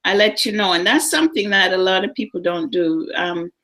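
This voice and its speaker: A middle-aged woman co-hosting a live psychic talk show, telling personal stories in a lively, animated way. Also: on the low side, a little fast. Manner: storytelling, animated, acts out voices in anecdotes. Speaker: psychic co-host. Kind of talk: casual chat on a live show.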